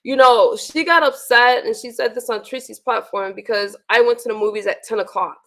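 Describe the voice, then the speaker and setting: Woman, livestream host, gravelly voice, blunt, profane, ranting. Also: fairly high pitch, fairly quick, a bit bright. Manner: blunt and profane, venting with restarts. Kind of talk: casual livestream rant.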